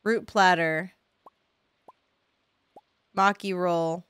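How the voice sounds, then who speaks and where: Young adult woman, let's-play streamer; slow, wry, chatty delivery with mild swearing; dry close mic. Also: on the low side, steady tone, fairly bright tone, clear, resonant tone, dry recording. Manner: chatty, sarcastic, swears, yelps when panicked. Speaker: streamer playing a farming game. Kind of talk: casual let's-play commentary to chat.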